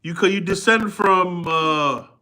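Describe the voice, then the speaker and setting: A middle-aged man reads a book aloud live with a bright, forceful voice sitting a little high for a man. He breaks off often in a relaxed, conversational way to explain and quiz his listeners. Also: slow pace. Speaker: reader and commentator. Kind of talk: live book reading with commentary.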